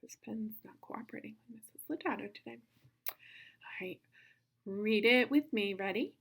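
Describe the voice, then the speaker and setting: Gravelly-voiced woman teaching slow phonics. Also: on the high side, a bit bright. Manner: encouraging, slow sing-song sounding out. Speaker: kindergarten teacher. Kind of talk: phonics lesson for young children.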